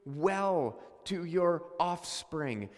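Male pastor, sermon delivery, earnest and questioning, high-pitched, hall echo. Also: animated, drawn-out words. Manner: earnest, questioning, with many restarts.

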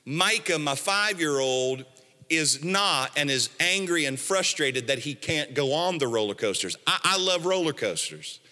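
A man's voice: on the high side, lively intonation, measured pace, pushed and bright. A man preaching a sermon as pastor, emphatic and storytelling, repeating his key phrases. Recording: echoey hall.

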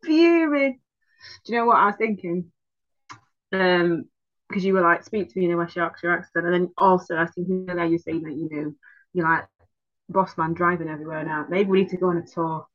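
A woman's voice: fairly low pitch, fairly even intonation, fairly quick, lo-fi sound. A woman, co-hosting a casual chat in an easygoing, giggly way. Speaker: podcast co-host.

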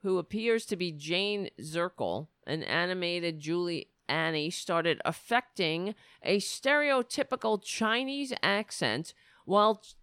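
A woman's voice: mid-range voice, fairly bright tone, no echo, clean studio sound. A woman hosting political commentary, reading news excerpts and mocking them with sarcastic asides. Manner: reads news excerpts, then riffs on them.

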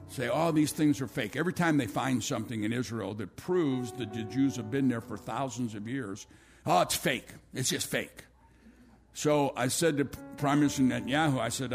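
A man's voice: mid-range voice, creaky. A male pastor preaching a sermon to his church, telling a long story with many restarts and asides.

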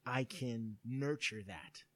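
A man's voice: mid-range voice, slow, sharp tone. A man in his thirties, a podcast co-host telling a long story in casual, profane chat.

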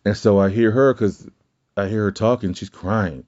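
A man's voice: on the low side, normal speed, a little mellow, lo-fi sound. A man hosting a podcast, telling a rambling story in casual chat, swearing freely and correcting himself as he goes. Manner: rambling, profane, self-correcting. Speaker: podcast host.

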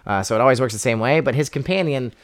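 A man's voice: medium pitch, fast talker, clear, resonant tone. A young man chatting casually as a podcast co-host, rambling and wry, with lots of fillers and restarts. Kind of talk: casual chat.

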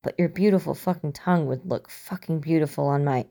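A woman's voice: low-pitched, fairly quick, creaky, dark tone. A woman reading as a drunk, sweary young man. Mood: mock-tender. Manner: theatrical, sweary.

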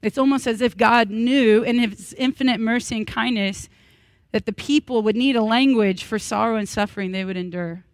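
A woman in her thirties preaching a sermon at a church worship service. She speaks earnestly and breaks into lively, humorous asides. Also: fairly high pitch, normal speed, no echo. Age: 30s. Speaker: pastor.

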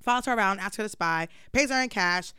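A young adult woman hosting a podcast, telling a story in lively, profane slang. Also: mid-range voice, quick pace, clear, resonant tone, no echo, studio quality. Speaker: podcast host. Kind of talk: casual chat, storytelling.

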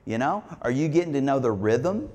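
A pastor with a mid-range, slightly mellow voice preaches briskly with big pitch swings, the sound echoing as in a big room. In a church sanctuary, he delivers his sermon conversationally and asks the congregation questions.

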